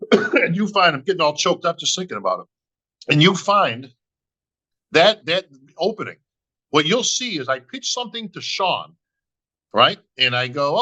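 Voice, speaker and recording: Speaking at normal speed with frequent pauses, this man has a fairly high, sing-song voice and a sharp tone, captured on a rough recording. He's a middle-aged bodybuilding emcee spinning a lengthy podcast story, playing both parties in the exchanges and saying "bro" and "right?" all the time.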